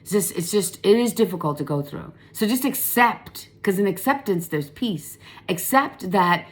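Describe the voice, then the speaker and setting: A woman giving a casual spiritual tarot reading, chatty and emphatic, laughing often and swearing now and then. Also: moderate pace. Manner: laughs often, lively pitch swings.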